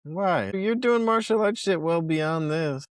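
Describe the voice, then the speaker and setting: Chill podcast guy thinking out loud, lots of likes, dry close mic. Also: fairly high pitch, unhurried, smooth, no echo. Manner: relaxed, musing, with many "like" fillers. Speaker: podcast co-host. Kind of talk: casual conversation.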